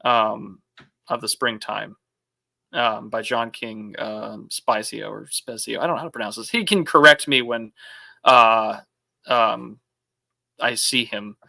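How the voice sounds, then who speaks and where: A man's voice: medium pitch, fairly even intonation, slow, creaky, bright, forceful tone, no room sound. A young man hosting a casual livestream podcast, rambling with fillers as he reads out viewer messages. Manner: rambling, lots of fillers, reads super chats. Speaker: podcast host.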